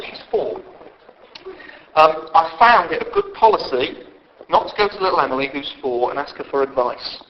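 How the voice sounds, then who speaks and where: Lively conversational male preacher. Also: fairly high pitch, fairly quick. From England. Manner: lively, conversational, acts out quoted voices. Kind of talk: sermon. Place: church hall. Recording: dull lo-fi sound with faint background hiss.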